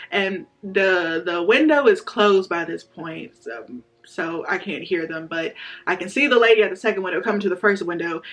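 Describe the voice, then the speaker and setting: A woman's voice: medium pitch, fairly bright tone. A young woman telling a personal story in a casual, chatty way, speaking straight to her viewers and acting out what people said. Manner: chatty, addresses viewers directly, acts out quotes. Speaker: vlogger sharing a testimony.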